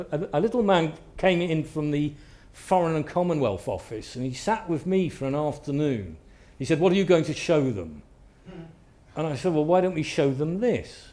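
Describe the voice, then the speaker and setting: A man, an author, telling anecdotes to a live audience in a lively storytelling manner and acting out what people said. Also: a little high, normal speed. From Britain. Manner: lively storyteller, acts out quotes. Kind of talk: anecdotal talk.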